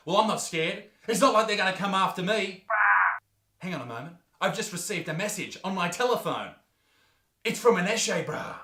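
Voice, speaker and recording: A man's voice: high voice, normal speed, sharp tone, echoey room. A young Australian man in his twenties giving a crude, sarcastic comedic rant. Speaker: comedy youtuber. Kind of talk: ranting comedic commentary.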